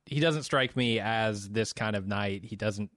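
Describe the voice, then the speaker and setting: A man's voice: on the low side, measured pace, a bit bright, dry recording. A man co-hosting a casual film review podcast, wry and opinionated. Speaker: podcast co-host. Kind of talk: casual movie review chat.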